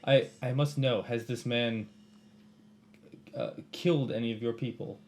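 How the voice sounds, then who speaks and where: A man playing a tabletop game, speaking in character as a cleric in formal, measured phrases. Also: mid-range voice, a little mellow, slight background noise. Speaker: player. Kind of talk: in-character role-play as a cleric.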